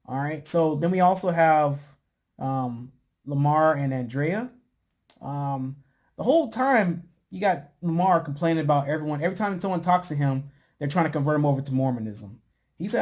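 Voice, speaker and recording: A man casually recapping a reality show, talking in a relaxed, chatty way with lots of fillers and putting on voices for quotes. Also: moderate pace. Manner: laid-back, chatty, lots of "you know" and "man"; acts out quotes in a higher voice. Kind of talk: casual chat.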